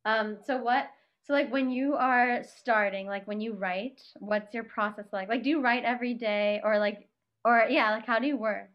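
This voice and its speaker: A woman hosts an interview, circling her questions with lots of fillers. Her voice sits a little high and the recording sounds dull and lo-fi. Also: steady tone, normal speed. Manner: rambling, heavy use of "like". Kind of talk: casual interview chat.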